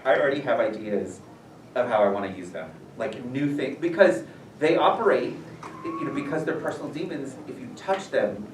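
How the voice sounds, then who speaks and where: A man visiting a school as an author, answering questions in a rambling, animated way full of fillers. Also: mid-range voice, slight background noise. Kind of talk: casual Q&A talk. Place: school room, audience present. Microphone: distant from the recorder. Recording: echoey room, voice heard from far off.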